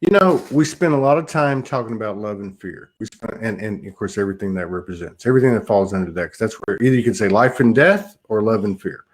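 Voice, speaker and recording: A man's voice: on the low side, animated, fast, hardly any pauses. Earnest male host. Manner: earnest, affirming, frequent agreement. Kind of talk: casual spiritual chat.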